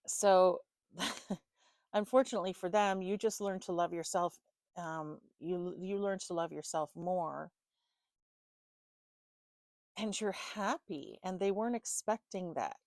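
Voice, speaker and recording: A woman's voice: lowish voice, unhurried, long pauses, darkish tone, dry recording. A woman giving a loose, chatty tarot reading to the viewer, full of fillers and casual swearing. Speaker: tarot reader.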